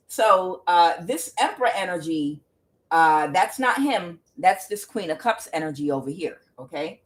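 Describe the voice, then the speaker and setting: A woman's voice: low-pitched, animated, unhurried. A woman giving a casual tarot reading to camera, emphatic and exclaiming, talking straight to her viewers. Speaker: tarot reader.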